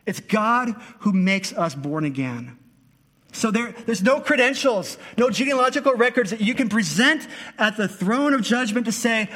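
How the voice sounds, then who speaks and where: A man's voice: sits high, animated, moderate pace, a bit bright. A man preaching an earnest, emphatic sermon as a pastor. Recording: long hall reverb.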